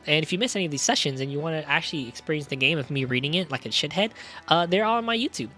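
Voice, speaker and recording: A man on a casual livestream, cracking crude jokes and swearing freely. His pitch jumps around a great deal as he talks. Faint music plays underneath him. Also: lively intonation, very fast, sharp tone. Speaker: streamer.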